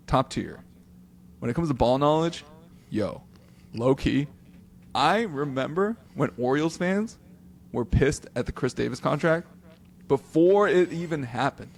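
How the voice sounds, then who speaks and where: Lively high-voiced man, animated storyteller. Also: measured pace, pauses often. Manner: animated, playful storyteller, laughs often. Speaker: podcast co-host. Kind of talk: casual sports chat.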